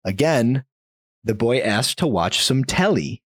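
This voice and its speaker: A man's voice: mid-range voice, unhurried, slightly rough, no room sound, studio quality. A man hosting a podcast, telling a spooky story in a casual way and chuckling now and then. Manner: animated, chuckles while telling a spooky tale.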